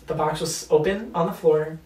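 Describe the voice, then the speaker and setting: A man's voice: on the high side, fairly even intonation, normal speed, warm tone. Swearing young man telling a story. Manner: loose, profane, hesitant with fillers. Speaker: podcast guest. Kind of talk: casual storytelling chat. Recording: roomy and distant from mic.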